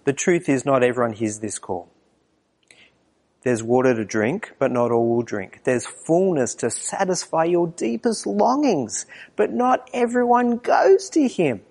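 A man preaching a morning sermon, moving between quiet low passages and raised, emphatic lines. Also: expressive, a little slow. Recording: long reverb of a hall.

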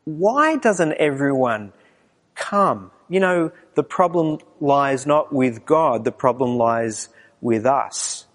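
A man preaching a morning sermon, moving between quiet low passages and raised, emphatic lines. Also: lively intonation, takes it slowly. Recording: long reverb of a hall.

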